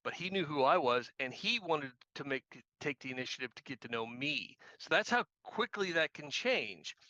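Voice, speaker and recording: Bright-voiced man telling a story. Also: a little high, lively intonation, moderate pace, no echo, muffled recording. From Missouri. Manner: anecdotal, self-deprecating, repeats phrases. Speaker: guest, activist trainer. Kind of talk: casual storytelling.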